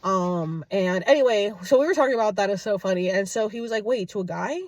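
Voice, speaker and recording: A woman in her late thirties talks straight to her followers from home, retelling a night out with lively quoted back-and-forth. Her voice sits at an ordinary middle pitch. The sound is dry and close, with no room echo. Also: fast. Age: 30s. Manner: chatty, animated retelling with quoted dialogue. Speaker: vlogger. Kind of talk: casual storytelling to camera. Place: at home, indoors.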